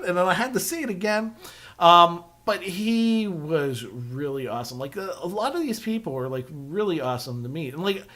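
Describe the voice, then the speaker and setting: A man chats through a loose podcast monologue. His voice sits a little higher than most men's and has a bright, forceful edge. He wanders through his stories with constant fillers and easy swearing. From Western Pennsylvania. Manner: rambling, lots of fillers and swearing. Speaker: podcast host. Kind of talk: casual storytelling monologue.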